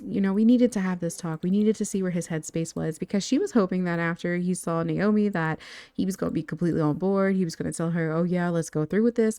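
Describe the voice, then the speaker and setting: A woman's voice: fairly low pitch, warm tone, dry recording. A woman narrating a life-sim game story in a chatty, casual way, talking straight to her viewers. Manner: chatty, addresses viewers directly.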